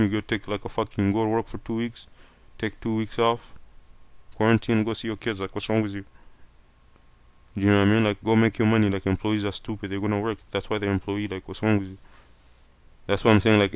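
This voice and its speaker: A man's voice: fairly low pitch, little pitch movement, fairly quick, smooth, no echo. A young man from Canada talking in a casual opinion rant, blunt and profane, full of "like" and "fam".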